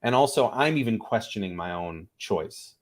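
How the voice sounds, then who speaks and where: A man in a casual interview, teaching improv through stories. He slips into quick character voices and lets his pitch swing up and down as he explains. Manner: animated, acts out little voices in his stories.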